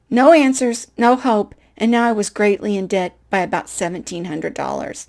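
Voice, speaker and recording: A middle-aged woman telling a personal faith story in an animated, self-deprecating way, acting out the dialogue. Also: medium pitch, normal speed, vocal fry, hardly any pauses. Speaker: speaker.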